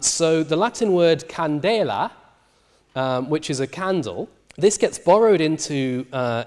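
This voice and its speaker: A man giving a university lecture in a lively, animated way, with frequent ums and uhs. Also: fairly high pitch. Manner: lively, many fillers. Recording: long hall reverb.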